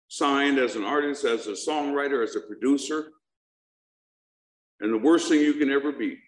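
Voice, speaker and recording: A middle-aged man telling a humorous personal recovery story to a live audience, joking and asking them questions. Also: mid-range voice. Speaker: speaker sharing his recovery story. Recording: echoey room.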